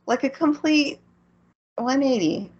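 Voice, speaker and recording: A woman's voice: high-pitched, lively intonation, takes it slowly, darkish tone, breathy edge, highs cut off. A woman co-hosting a podcast, casually recapping an anime and laughing often. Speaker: podcast co-host.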